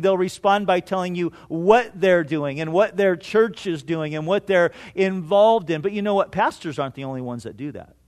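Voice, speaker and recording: A man delivers a sermon in a fairly high voice. He tells stories with light jokes and slows down to stress his key points. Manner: storytelling with jokes, slowing for emphasis. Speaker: pastor.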